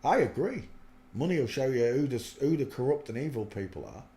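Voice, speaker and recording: A man's voice: mid-range voice, very animated, brisk, dark tone. A man giving earnest, preachy spoken commentary on faith, rambling with many fillers, in an echoey room. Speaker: religious video host.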